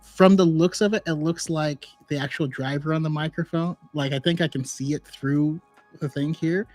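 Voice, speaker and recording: Man, podcast host, casual online chat, relaxed and chatty, slightly high voice. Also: moderate pace, dry recording, soft background music.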